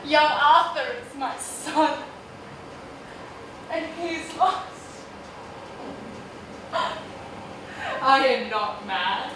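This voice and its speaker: A woman's voice: sits high, fairly even intonation, slow, pauses often. An actress playing a grieving, frantic royal mother half mad with loss, performing classical stage acting in an impassioned way. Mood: desperate. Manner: impassioned, swinging between wailing and bitter laughter. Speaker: acting student. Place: rehearsal room. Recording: echoey room taped from far off, noisy.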